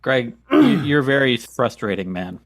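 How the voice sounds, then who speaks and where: A man co-hosts a comedy podcast as the dry, exasperated straight man. His voice sits at a middle pitch. It is recorded close and dry, with no echo. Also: expressive, moderate pace, a bit bright. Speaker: podcast co-host. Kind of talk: comedic banter.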